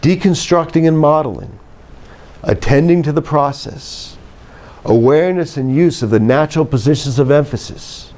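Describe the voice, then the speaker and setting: A man who teaches writing, delivering a scripted lecture in a measured, emphatic way and dropping his pitch to close each point. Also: darkish tone. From United States. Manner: measured, emphatic, drops pitch at phrase ends. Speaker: writing instructor.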